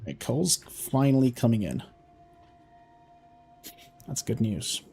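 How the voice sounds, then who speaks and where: A man's voice: medium pitch, big pitch swings, takes it slowly, vocal fry, warm tone, a little hiss or hum. A man in his forties with a mix of British-school and Texan accent, chatting casually and self-deprecatingly while playing a game. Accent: mixed British-school and Texan. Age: 40s. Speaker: game streamer. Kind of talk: casual gaming commentary.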